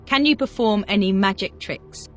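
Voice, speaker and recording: A teacher voice calling out single vocabulary words, then asking brisk drill questions in a scripted lesson. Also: mid-range voice, a bit bright, soft background music.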